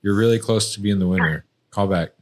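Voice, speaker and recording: A man hosting a casual podcast, quickly counting off callers and telling them to call back. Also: fairly low pitch. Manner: brisk, dismissive "call back" patter. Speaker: podcast host taking calls.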